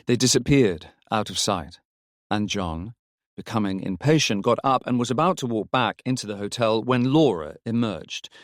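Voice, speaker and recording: A man narrating an audiobook story in a measured, even manner. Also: fairly low pitch, no room sound, clean studio sound.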